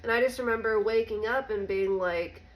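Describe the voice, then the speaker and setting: A woman vlogger telling a personal story in a candid, halting, soft-spoken way. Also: on the high side, rough recording. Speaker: recovery vlogger.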